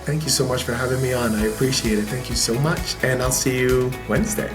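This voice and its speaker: A man, a podcast guest talking earnestly in a casual interview, often pausing on filler words. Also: medium pitch, music in the background. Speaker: podcast guest, event founder.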